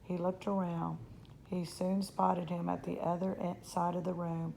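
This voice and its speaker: A woman reads a children's chapter book aloud in a steady storytelling manner. Her voice is low, mellow and heavily gravelly, and she sometimes trips over a word. Faint noise sits behind her. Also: unhurried, poor audio. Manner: steady storytelling, slips on words. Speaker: reader. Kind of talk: reading a children's novel aloud.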